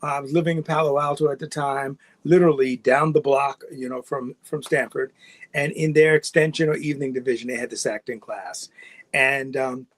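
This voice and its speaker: A man's voice: mid-range voice, brisk, no room sound. Middle-aged new york guy rambling thru his acting story, laughs a lot, dry mic. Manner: relaxed, rambling storyteller who laughs often. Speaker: guest actor. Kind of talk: casual interview storytelling.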